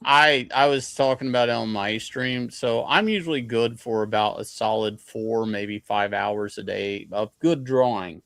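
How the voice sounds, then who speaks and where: A man's voice: medium pitch, measured pace, gravelly, few pauses, a bit bright, no echo. A man chatting as a guest on a casual livestream, blunt and profane, talking matter-of-factly about his work. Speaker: guest artist.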